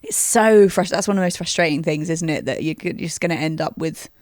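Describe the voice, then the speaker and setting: A British woman co-hosting a casual chat about a reality show, excitable and giggly, with the odd swear. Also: sits low, fast talker, no echo, studio quality. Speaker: podcast co-host.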